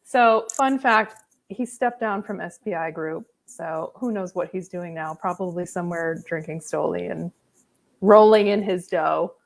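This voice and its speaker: A woman's voice: on the low side, a little slow, gravelly. Chatty giggly young woman. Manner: chatty, giggly, shares trivia. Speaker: guest co-host. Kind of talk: casual podcast chat.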